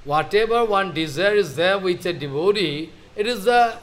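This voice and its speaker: High-voiced older man giving a devotional talk. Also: expressive, moderate pace, a bit bright. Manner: storytelling, voicing saints in dialogue, non-native English. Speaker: spiritual teacher. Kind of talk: devotional lecture with acted dialogue.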